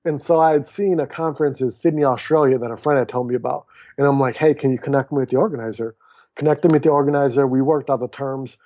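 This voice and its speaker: A man's voice: mid-range voice, fast, no room sound. A man in his thirties, a podcast guest who tells his story in a casual interview and acts out the voices of people in it. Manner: animated storyteller who acts out quoted dialogue. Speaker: podcast guest, author and speaker.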